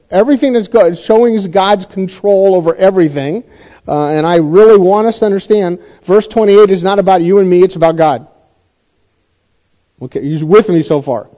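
A man's voice: high voice, warm tone. A man teaching a Bible passage to a congregation in a conversational sermon style, often checking in with his listeners and repeating points for emphasis. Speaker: pastor teaching a Bible study. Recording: dull lo-fi recording.

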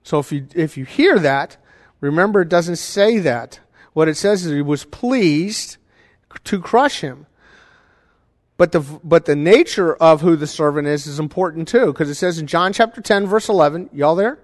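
A man's voice: fairly high pitch, expressive, moderate pace, big-room sound. A male pastor preaching a sermon in a conversational way, often checking in with his congregation.

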